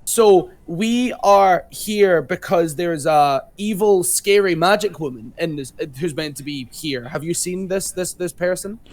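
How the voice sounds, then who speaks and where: A man's voice: high-pitched, unhurried, hardly any pauses. A man playing a tabletop role-playing game, speaking in character in a gushing, flustered and eager way. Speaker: player.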